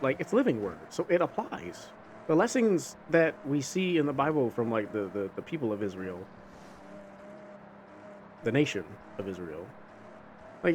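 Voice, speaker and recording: Rambling young man chatting over faint engine noise. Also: medium pitch. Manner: rambling and conversational, with many restarts and fillers; talks about faith in a relaxed, earnest way. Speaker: gaming video host. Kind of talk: casual chat while playing a driving game. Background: faint car engine and road noise from a game.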